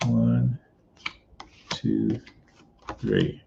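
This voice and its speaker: Gravelly low guy doing card readings, slow and draggy, kinda muffled lo-fi sound. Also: huge pitch swings. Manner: slow, drawn-out delivery with frequent pauses. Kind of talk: casual live-stream card reading. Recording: dull lo-fi sound with faint noise.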